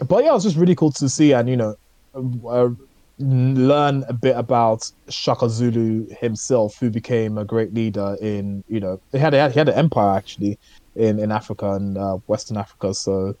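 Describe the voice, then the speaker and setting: A man chats casually on a podcast about what he has been watching, with a mellow, dark voice. He rambles and hesitates, filling the gaps with ums and uhs. The sound is dry and close, with little room. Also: lowish voice, normal speed, dry recording. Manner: rambling, hesitant, many fillers. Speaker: podcast co-host. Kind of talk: casual chat reviewing shows.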